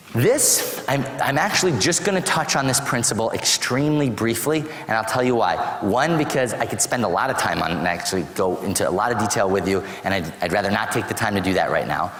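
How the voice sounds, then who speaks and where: A man giving a lively seminar talk on a parenting program, acting out conversations with parents as he teaches. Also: on the low side, fairly quick. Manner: animated storyteller acting out parent dialogues. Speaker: autism program presenter. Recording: echoey hall with long reverb.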